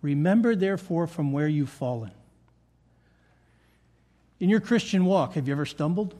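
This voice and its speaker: An older pastor delivers a sermon in a church meeting room, his mellow, slightly high voice lively in intonation and moderate in pace. He speaks with earnestness and repeats important phrases for emphasis.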